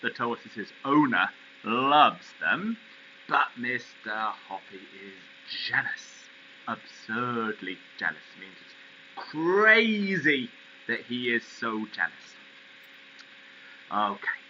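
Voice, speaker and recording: A man's voice: medium pitch, expressive, slow, bright, forceful tone, muffled recording, a little hiss or hum. A man teaching, reading a story aloud expressively and explaining words along the way.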